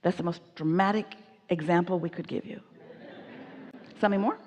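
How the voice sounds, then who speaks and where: A woman giving an inspirational seminar talk, speaking as "we" in an emphatic, animated way while answering audience questions. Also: on the low side, moderate pace, in a large hall, highs cut off, a little hiss or hum.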